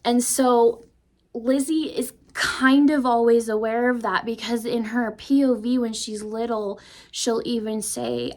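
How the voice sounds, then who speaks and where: A woman's voice: a little high, unhurried. A young woman vlogger talking through a book she is reading, emotional and full of restarts, sometimes dropping into a whisper. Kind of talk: casual book discussion.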